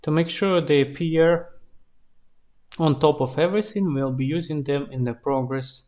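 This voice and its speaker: A man, an indie game developer, narrating a screen-recorded tutorial in a relaxed, explaining way. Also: a little high, moderate pace.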